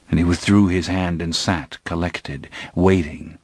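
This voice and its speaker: A man narrating an audiobook in a measured, even way. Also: sits low, no room sound. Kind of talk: scripted narration.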